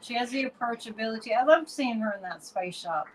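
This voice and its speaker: A woman's voice: a little high, animated, fairly quick, rough recording. A woman co-hosting a podcast, chatty and emphatic, laughing easily as she talks. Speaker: podcast co-host. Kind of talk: casual podcast chat.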